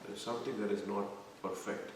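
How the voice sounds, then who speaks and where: Male scripture teacher, measured explaining style, echoey room with faint background noise. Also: lowish voice, fairly even intonation. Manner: explains terms slowly, quizzes listeners. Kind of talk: devotional scripture lecture. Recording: echoey room, mic far off.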